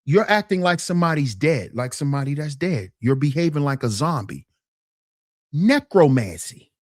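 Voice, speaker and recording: Animated woman ranting on a stream. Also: low voice, a little fast, no echo, clean studio sound. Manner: animated, repetitive, mocking, laughs through points.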